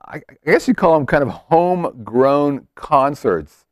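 A man hosts a casual chat show, rambling and cracking self-mocking jokes. His pitch moves a lot as he talks. The sound is close and dry. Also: lively intonation, measured pace, dry recording. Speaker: host.

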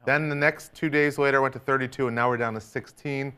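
A man on a casual chat show lays things out in a plain, explanatory way. His voice is smooth and clear. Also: medium pitch, steady tone, a little fast, sharp tone.

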